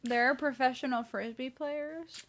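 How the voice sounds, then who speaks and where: A woman's voice: high voice, fairly even intonation, measured pace, a bit bright. A woman co-hosting a podcast in casual chat, asking dry, teasing questions. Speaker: podcast co-host.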